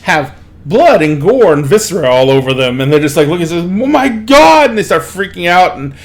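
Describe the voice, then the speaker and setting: A man narrating as game master of a tabletop game, his voice sitting a bit high for a man. He tells the scene loosely and rambles, with plenty of "like" and "kinda" between beats. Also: animated, fairly quick.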